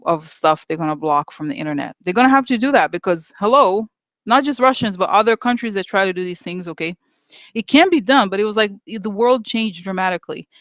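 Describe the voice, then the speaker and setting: Vlogger, casual rant, exasperated, chatty, many fillers, dry close sound, mid-pitched voice. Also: fairly bright tone, no room sound. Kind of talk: casual opinion rant to viewers.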